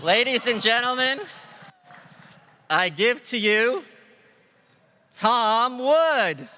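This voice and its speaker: A man's voice: extremely high pitch, lively intonation, drawn-out words, sharp tone, a little hiss or hum. A man performing a ventriloquist comedy act on stage, addressing the crowd like an emcee. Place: large event hall with live audience. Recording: reverberant hall, faint ambience.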